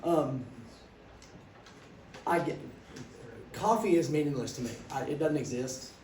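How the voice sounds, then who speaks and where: A middle-aged man, teaching a class through animated stories and questions to students. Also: on the high side, a little slow. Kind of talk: classroom storytelling lecture. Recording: echoey classroom, distant mic, background noise.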